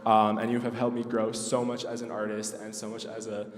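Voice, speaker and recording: A man's voice: fairly low pitch, monotone, brisk. Young man giving an emotional speech. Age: young adult. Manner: emotional, with many ums and nervous laughs. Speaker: student pianist. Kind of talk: thank-you speech. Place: recital hall with audience. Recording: distant voice in a reverberant hall.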